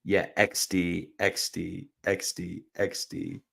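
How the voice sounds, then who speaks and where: A man's voice: low voice, little pitch movement, slow, vocal fry, fairly bright tone, breathy edge. A young man hosting a live stream, chatting casually and answering viewers' questions, rambling with fillers and laughing at comments. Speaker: livestream host answering chat.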